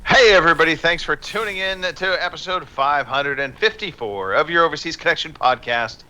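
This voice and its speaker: A man's voice: a little high, brisk, sharp tone. A man hosting a podcast in upbeat, teasing casual chat. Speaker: podcast host.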